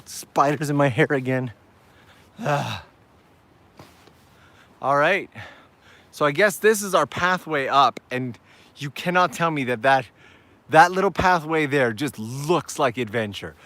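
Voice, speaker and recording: A man's voice: on the high side, fairly bright tone. A man hosting a casual walking live stream outdoors, upbeat and chatty as he talks to viewers while climbing hillside steps.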